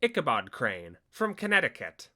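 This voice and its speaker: A bossy village farmer from olden times, as a man puts him on, calling out in a rustic, booming way. The voice is bright and lively, bouncing up and down. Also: moderate pace, heavily acted. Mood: smug. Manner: rustic, loud town-crier calls.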